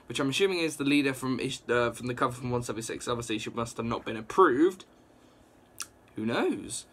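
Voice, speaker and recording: A young man casually reviewing a comic book, rambling and excitable, with lots of fillers and restarts. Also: mid-range voice, brisk. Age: young adult.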